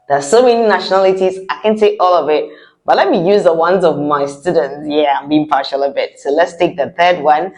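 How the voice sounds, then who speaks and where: A woman teaching a French lesson to children, drawing out words slowly for the learners to repeat. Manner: slow, drawn-out pronunciation drills with lively pitch.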